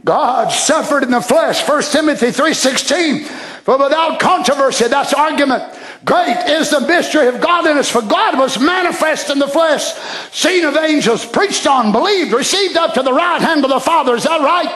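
High-voiced man preaching fervently in an echoey hall. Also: lively intonation, normal speed. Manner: shouting, fervent preaching with sudden drops to quiet asides. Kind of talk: impassioned sermon. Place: church sanctuary.

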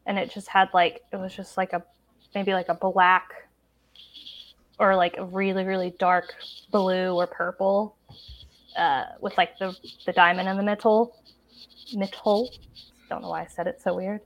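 A woman playing in a tabletop game over an online call, describing her ideas haltingly and searching for words. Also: on the low side, level tone. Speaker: player. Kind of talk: casual tabletop play.

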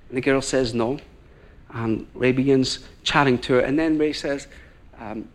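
A guest preacher with a Northern Irish accent speaks at a measured, moderate pace and a mid pitch. He delivers his sermon as a lively story, acting out the people he quotes along the way.

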